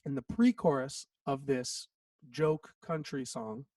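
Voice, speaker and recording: A man's voice: fairly high pitch, measured pace, no echo, distant mic. A man in his thirties, a songwriter guest, telling a story in a casual interview, acting out quotes and saying "like" a lot. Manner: animated, acts out quotes, says "like" often.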